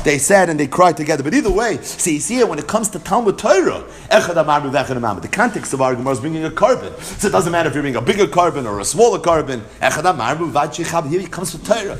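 Man with a Yeshivish English accent teaching Talmud; slightly high, very expressive delivery, faint hiss on the track. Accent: American Yeshivish English with Hebrew-Aramaic terms. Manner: animated, sing-song study cadence with rising emphasis. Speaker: Torah teacher. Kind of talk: Talmud lesson, storytelling.

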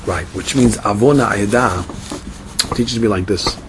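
A man teaching a Talmud lesson in an animated, questioning way, often repeating words and mixing in Hebrew and Aramaic terms. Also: lowish voice, unhurried, background noise.

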